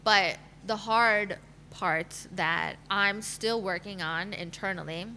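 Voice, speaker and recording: A woman's voice: mid-range voice, takes it slowly, sharp tone, slight background noise. A woman in her thirties, a matchmaker, telling her own career story candidly in a podcast interview, with fillers and laughter. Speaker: guest, matchmaker.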